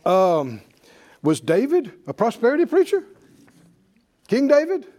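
A man's voice: very high-pitched, wildly swooping pitch, measured pace, dark tone. A man preaching a sermon to a congregation, calling out questions and repeating key phrases for emphasis. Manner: call-and-response preaching, emphatic repetition. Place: church with congregation.

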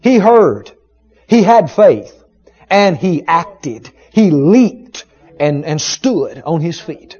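A man preaching a sermon, retelling a story with emphatic, dramatic rising shouts. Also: on the high side, very animated, takes it slowly, breathy edge. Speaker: pastor. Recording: dull lo-fi sermon recording.

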